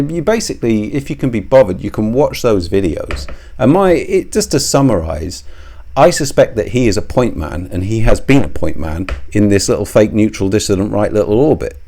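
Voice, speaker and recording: A man's voice: on the low side, mellow. A man delivering a sarcastic, accusatory commentary monologue to the camera, swearing now and then.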